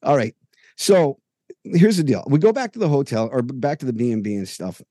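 A man's voice: medium pitch, very animated, brisk, dark tone, slightly rough, dry recording, clean studio sound. A man co-hosting a podcast, telling a long, detailed anecdote in casual chat and acting out the dialogue as he goes. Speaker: podcast co-host. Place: home room with jerseys on the wall.

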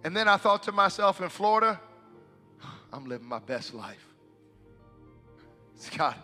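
A man preaching a sermon as pastor, swinging from hushed, quiet talk to loud, fervent shouting. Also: a little high, very animated, unhurried, in a large hall, soft background music.

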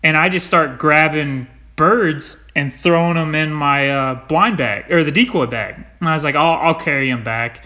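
A man hosting a casual chat, animated and laughing as he tells stories, with light swearing. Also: a little high, normal speed, hardly any pauses.

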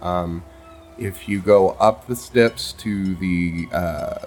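Slow, deep-voiced male game master. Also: darkish tone, a little hiss or hum. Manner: halting, with many ums and uhs. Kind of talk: narrating a tabletop game.

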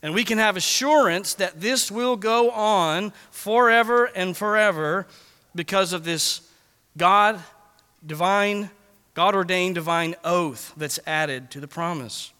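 High bright-voiced man preaching in a hall. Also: clear, resonant tone. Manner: earnest, reads scripture slowly and deliberately. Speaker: pastor. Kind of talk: expository sermon. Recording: long reverb of a large hall.

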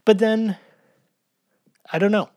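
A man's voice: high voice, takes it slowly, dark tone, no room sound. A man co-hosting a podcast, recapping a sitcom episode in a wry, analytical, hedging way. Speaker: podcast co-host. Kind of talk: casual episode recap chat.

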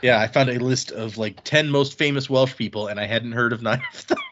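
A man's voice: medium pitch, fairly even intonation, a little fast, fairly bright tone. Easygoing man on a muffled recording. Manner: easygoing, rambling, trails off mid-sentence. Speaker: podcast co-host. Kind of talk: casual chat. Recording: muffled lo-fi audio.

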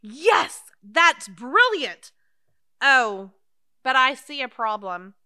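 Woman playing nervous little old lady in a radio play, high voice, dry sound. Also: big pitch swings, extremely slow, pushed and bright, smooth, dry recording, full character voice. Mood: fretful. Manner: fussy, anxious, flustered. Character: timid fretful elderly woman, Mildred. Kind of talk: audio drama acting.

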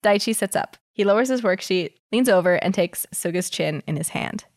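A woman reads a story aloud in a casual podcast, her pitch leaping up and down as she voices the lines. She laughs often, and her voice sounds dry and close, with no room around it. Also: moderate pace, no echo. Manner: giggly, reads dialogue with lively voicing. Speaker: podcast co-host reading fan fiction aloud. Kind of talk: casual chat and dramatic reading.

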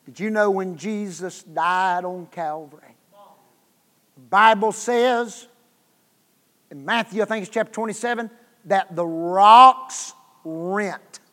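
A man preaching a revival sermon as guest preacher, telling a story that swings from hushed tones to loud bursts, with repeated words. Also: high voice, takes it slowly, long pauses. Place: church sanctuary. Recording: long hall reverb.

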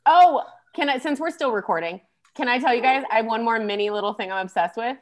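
Woman, podcast co-host, casual chat, excitable, chatty, slightly high pitch. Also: fast talker. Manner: excited, chatty, laughs often.

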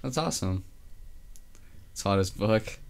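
A man's voice: lowish voice, animated, unhurried, creaky. A young man co-hosting a casual chat who talks in a laid-back, blunt way. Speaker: podcast co-host.

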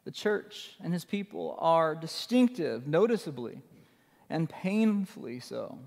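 A man's voice: fairly high pitch, very animated, measured pace, vocal fry, a little mellow, in a large hall. A man preaching a sermon as pastor, emphatic and conversational, repeating his key phrases for effect.

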